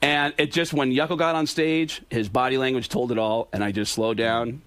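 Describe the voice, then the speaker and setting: A comedian guest who tells stories in an animated way and acts out what others said. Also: male voice, medium pitch, moderate pace. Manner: animated storyteller, acts out quotes.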